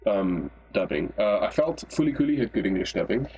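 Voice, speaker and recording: A man co-hosting an anime review podcast, talking casually in rambling, animated stretches full of restarts. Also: on the low side, a little fast, husky, muffled recording.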